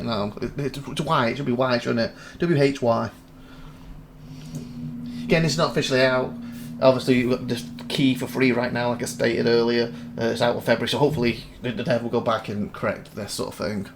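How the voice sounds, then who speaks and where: Gravelly man playing a game. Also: medium pitch, fairly quick, a little hiss or hum. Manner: excitable, laughs and shouts at wins and losses. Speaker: gaming YouTuber. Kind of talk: casual game commentary.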